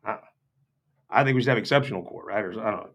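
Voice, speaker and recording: A man's voice: on the low side, rapid-fire, a bit bright. Sardonic, rambling man from Missouri. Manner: sardonic, joking and rambling, with mocking asides. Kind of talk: off-the-cuff humorous political talk.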